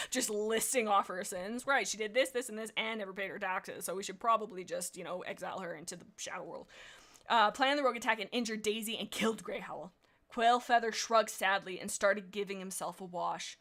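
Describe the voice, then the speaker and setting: A woman streamer reading fan fiction aloud, breaking off often for excitable, laughing commentary. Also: medium pitch, moderate pace.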